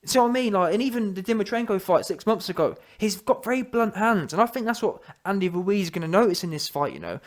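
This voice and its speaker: A man with a British accent giving opinionated, rambling boxing commentary, emphatic and often correcting himself mid-sentence. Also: high voice. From United Kingdom.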